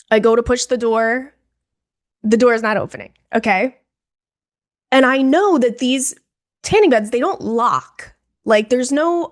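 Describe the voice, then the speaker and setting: Young woman, podcast co-host, casual dramatic storytelling, fairly high voice. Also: a little slow. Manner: animated, dramatic, talks to listeners as "girl".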